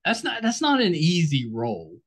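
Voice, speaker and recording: A man with a fairly high voice hosts a relaxed podcast conversation. His pitch rises and falls in a lively way as he encourages his guest and often laughs along. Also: moderate pace. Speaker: podcast host. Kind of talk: casual interview chat.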